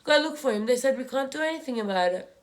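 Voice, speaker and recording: Young woman vlogger, tearful and halting, a little high-pitched, speaking close to a camera at home. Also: expressive. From Australia. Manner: tearful, halting, repeats herself. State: crying. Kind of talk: emotional personal story while doing makeup. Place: home room, indoors.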